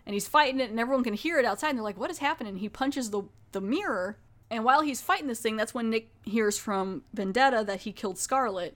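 A woman's voice: fairly high pitch, fast talker. A woman podcast host casually recapping a TV episode, chatty and full of fillers and restarts.

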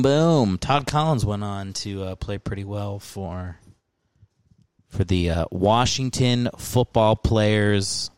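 Here a podcast host in his thirties delivers a rambling, jokey monologue thick with fillers, his speech shaped by the American South and New Jersey. The voice is fairly low and smooth with a darkish tone, captured without echo.

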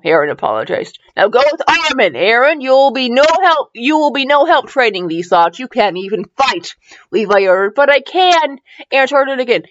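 A woman hosting a fan fiction reading podcast, excitable and giggly, wired on caffeine and prone to laughing tangents. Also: on the high side, normal speed, muffled recording. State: wired on caffeine after little sleep. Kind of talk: comedic dramatic reading.

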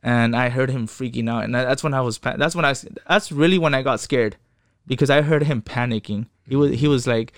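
A man's voice: medium pitch, brisk, no echo, clean studio sound. A young man telling his own story in casual talk, profane and rambling, acting out what others said. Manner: profane, quotes people in voices, rambling restarts.

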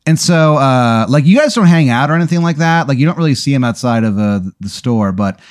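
A man's voice: medium pitch, lively intonation, brisk, no echo, clean studio sound. A man hosting a comedy podcast, improvising a rambling second-person story and swearing casually. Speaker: podcast host.

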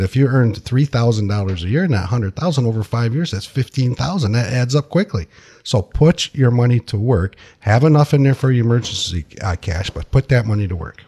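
A man's voice: mid-range voice, dark tone. A man talking as a financial advisor guest in casual radio talk, folksy, repeating himself and laughing easily.

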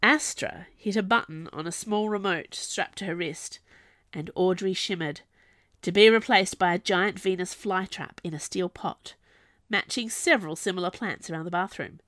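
A woman reading a story aloud as narrator, in an expressive, lively storytelling manner. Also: fairly low pitch, normal speed, no room sound, studio quality. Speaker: audiobook narrator. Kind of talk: scripted narration.

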